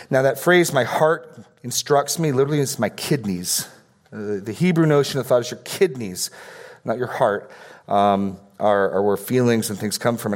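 A middle-aged male pastor preaching a sermon in a conversational way, often repeating words as he starts a phrase. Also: medium pitch.

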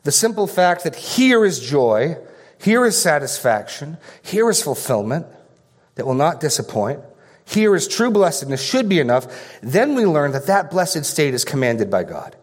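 A man's voice: fairly high pitch, very animated, moderate pace, big-room sound. A man preaching a sermon as pastor, earnest and emphatic, repeating phrases for stress.

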